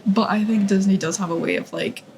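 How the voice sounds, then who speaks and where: A woman's voice: mid-range voice, fairly quick, vocal fry, a little mellow, low-quality recording. A young woman co-hosting a podcast, talking in a gushing, effusive way and laughing often. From Scotland. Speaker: podcast co-host. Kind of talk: casual chat.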